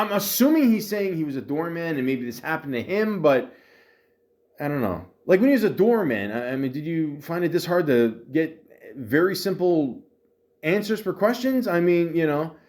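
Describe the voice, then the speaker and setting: A man's voice: fairly high pitch, darkish tone. A man hosting a podcast, telling a story in a rambling, exasperated way, full of fillers, restarts and swearing. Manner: exasperated retelling of an argument. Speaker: podcast host. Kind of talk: casual storytelling.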